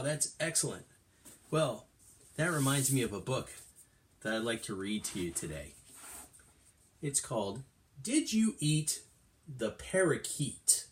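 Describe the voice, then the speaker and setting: A middle-aged man teaching kindergarten, reading a storybook aloud in an animated, sing-song way. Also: mid-range voice. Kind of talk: storytime lesson for young children.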